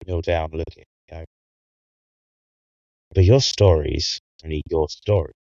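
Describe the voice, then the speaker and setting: A man with a very low, dark voice plays in a tabletop game. He describes his character's moves step by step in a measured way. The sound is dull lo-fi call audio. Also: gravelly, no echo. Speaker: player. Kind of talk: narrating his character's actions.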